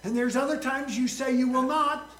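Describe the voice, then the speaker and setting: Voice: high voice, fairly even intonation, moderate pace, a bit bright, roomy sound, rough recording. A pastor preaching a sermon in a folksy, joking way, asking the congregation questions along the way.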